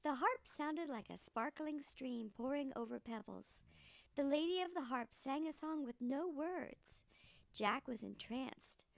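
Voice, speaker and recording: Storybook reader, a woman, slow and lively, with some gravel in her voice. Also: high voice, dry recording. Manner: animated, theatrical reading. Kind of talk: storybook read-aloud.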